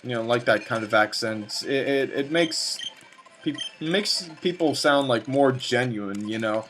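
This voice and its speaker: A man's voice: mid-range voice, animated, unhurried, a bit bright, a little hiss or hum. A young man commentating on his own gameplay, rambling off on tangents with lots of fillers and stammered repeats. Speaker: let's play commentator.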